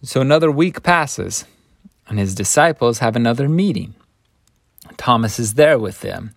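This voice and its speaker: A man's voice: medium pitch, lively intonation, moderate pace, vocal fry, no room sound, studio quality. A man teaching a Bible lesson, retelling the story in a conversational way with folksy asides. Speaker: scripture teacher.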